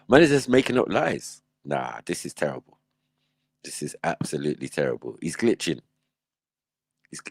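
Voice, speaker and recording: A man's voice: low voice, darkish tone, no room sound. A man hosting a livestream, reacting in casual, slangy commentary and laughing often. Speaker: livestream host.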